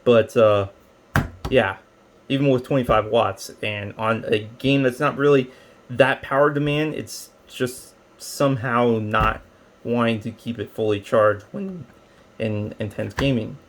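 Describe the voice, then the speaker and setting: A man talks through a gadget review in a loose, rambling way, full of ums and restarts. His voice sits at an ordinary middle pitch. A faint hiss of noise stays under the recording. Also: a little slow. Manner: rambling, filler-heavy explaining. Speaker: tech reviewer. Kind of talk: casual product review.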